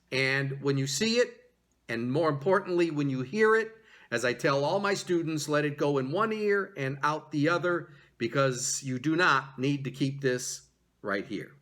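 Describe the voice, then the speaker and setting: Animated, encouraging male language teacher. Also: a little high, a little slow. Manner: animated, encouraging, exaggerated intonation. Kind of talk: video language lesson with repeat drills.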